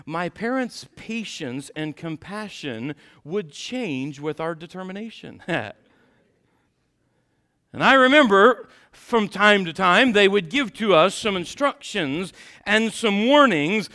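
A man preaching a sermon in a church and telling a personal story in an animated way, laughing along with the congregation. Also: high-pitched, slow pace. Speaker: pastor. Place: church sanctuary.

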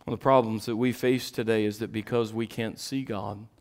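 A middle-aged man preaching a sermon, swinging between quiet, intimate asides and loud, impassioned peaks. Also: lowish voice, fairly even intonation, brisk.

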